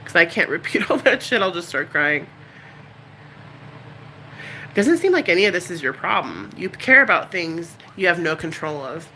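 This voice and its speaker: A woman's voice: lowish voice, big pitch swings, moderate pace, long pauses, pushed and bright, slight background noise, rough recording. A middle-aged woman chatting casually and candidly on a live stream, rambling and emotional. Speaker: YouTuber.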